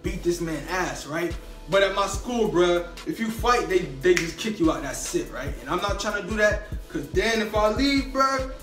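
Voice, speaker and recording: A young adult man telling a story in a casual, slangy, animated way, with lots of acted-out dialogue. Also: high voice, moderate pace. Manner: animated, slangy, emphatic retelling with quoted dialogue. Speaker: vlogger. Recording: echoey room, mic at a distance, faint music.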